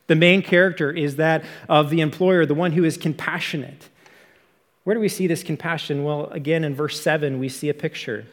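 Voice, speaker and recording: Earnest man preaching in a reverberant hall. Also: fairly high pitch. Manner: earnest, explanatory preaching with rhetorical questions. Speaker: pastor. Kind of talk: sermon.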